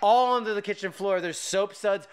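A podcast host telling a funny story in a casual, animated chat, often laughing as he talks. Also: high voice, normal speed, very noisy.

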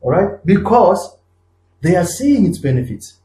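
A man's voice: high voice, big pitch swings, measured pace, dark tone, a little hiss or hum. A man co-hosting a podcast, talking earnestly and building up points with repeated restarts and emphatic rises. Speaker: podcast co-host. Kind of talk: conversational discussion. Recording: echoey room.

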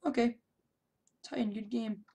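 A young woman commenting on her own gameplay, shouting taunts in bursts and then muttering to herself. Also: a little high, measured pace, a little hiss or hum. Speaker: gameplay YouTuber.

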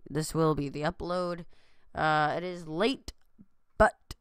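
A man's voice: on the high side, steady tone, slow, fairly bright tone, smooth, no room sound, studio quality. A tired young man vlogging from his room, rambling with lots of fillers and restarts. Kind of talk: casual chat to camera. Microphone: new desk mic.

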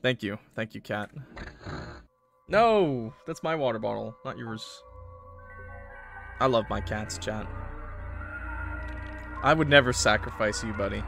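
Brief: male game streamer, casual chat, quick to laugh, bright, animated delivery. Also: on the low side, creaky, faint music behind. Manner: laughs often, joking with chat. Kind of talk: casual gameplay commentary.

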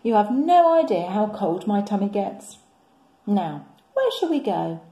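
A woman's voice: medium pitch, sing-song, unhurried, dark tone, echoey room. A woman voicing a grumpy but playful male bronze lion in a storybook read-aloud, with a theatrical, roaring manner.

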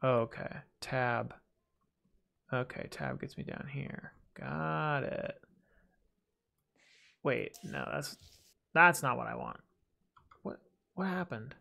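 A man with a gravelly, fry-edged voice talks through a game as he plays it. He rambles casually, mutters to himself, and pokes fun at his own slip-ups. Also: mid-range voice, takes it slowly, long pauses, pushed and bright. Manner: chatty, self-deprecating, talks to himself while playing. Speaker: gaming video host. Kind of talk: casual let's-play commentary.

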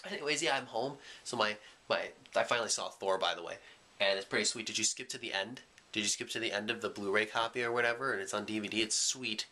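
Bright-voiced young guy rambling. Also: on the low side, quick pace. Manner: goofy, joking, rambling with lots of fillers. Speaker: vlogger. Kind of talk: casual rambling vlog.

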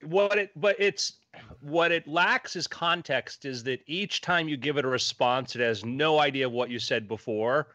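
A man co-hosting a casual podcast chat, explaining things in a quick, matter-of-fact way. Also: fairly high pitch, pushed and bright, dry recording, lo-fi sound. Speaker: co-host.

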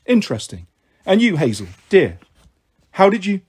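A man's voice: sits high, wildly swooping pitch, moderate pace, a little mellow, slightly rough, heavily acted. A man doing a sneering goddess of revenge. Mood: taunting. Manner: sneering, cackling, scornful. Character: scornful goddess of revenge, woman, sour and sneering.

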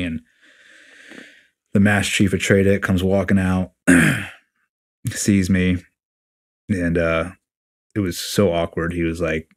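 A man in his forties with a very deep, low-pitched voice sits as a guest in a casual interview. He recounts events bluntly, swears without hesitation, and slips into quoting what other people said. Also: moderate pace, pauses often. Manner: blunt, profane, animated retelling with quoted dialogue. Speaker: podcast guest, retiring Navy SEAL chief.

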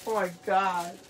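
A woman's voice: medium pitch, slight background noise. A middle-aged woman hosting a live jewelry sale, tearful and laughing through her words, affectionately greeting viewers by name. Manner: affectionate, calls viewers mamacita. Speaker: live-stream jewelry seller. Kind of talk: emotional live-stream sales chat.

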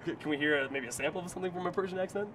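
A man's voice: a little high, very fast, background noise. A man hosting a playful game show, joking and teasing his guest. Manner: jokey, teasing, hypes up the win.

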